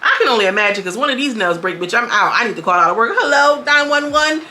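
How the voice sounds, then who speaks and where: Blunt, animated woman with a bright voice. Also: mid-range voice, racing, a little hiss or hum. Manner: animated, blunt and profane, jumps into quoted voices. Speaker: reality TV reviewer. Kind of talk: casual review commentary.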